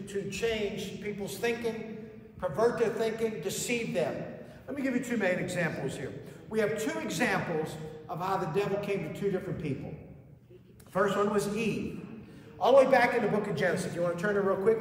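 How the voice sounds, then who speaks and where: High-voiced male pastor preaching with rhetorical questions, heard from far off in an echoing church. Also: a little hiss or hum. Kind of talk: sermon. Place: church sanctuary. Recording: echoey hall from far off.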